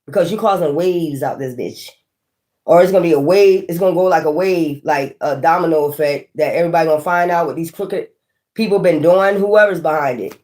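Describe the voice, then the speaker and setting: A woman's voice: deep voice, a little fast, a little mellow. A woman giving a tarot reading in a blunt, profane manner, laughing often and talking straight to the listener. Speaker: tarot reader.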